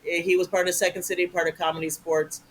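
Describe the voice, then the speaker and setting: A man's voice: sits high, fast, a little hiss or hum, low-quality recording. A man, an improv performer, chatting enthusiastically as an interview guest, full of jokes and praise for his colleagues. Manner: animated, enthusiastic, jokey. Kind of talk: casual interview chat.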